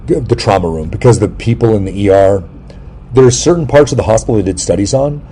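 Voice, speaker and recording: Low, mellow-voiced man telling rambling jokey stories. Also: quick pace, a little hiss or hum. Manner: rambling, jokey storytelling with sudden loud yelps. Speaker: podcast host. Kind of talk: casual interview chat.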